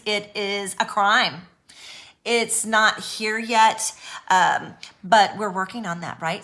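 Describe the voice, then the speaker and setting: A woman with a medium-pitched, bright, pushed voice speaks to camera in a raw, unedited vlog. She is a YouTuber discussing abuse recovery, and she comes across as nervous but sincere, comforting her viewers while stumbling over frequent ums and restarts.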